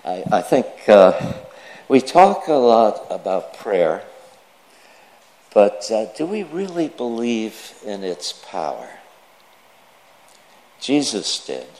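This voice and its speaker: A man, a priest, reading the gospel and preaching a sermon in a measured storytelling manner. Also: on the low side, big pitch swings, a little mellow. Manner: slow, measured delivery with storytelling asides.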